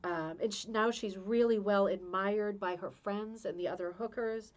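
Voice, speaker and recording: A woman's voice: medium pitch, steady tone, normal speed, muffled recording. A woman hosting a casual craft-club video, talking through a book in a chatty, heartfelt way with many restarts. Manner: chatty, emotional, restarts often. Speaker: rug hooking club host.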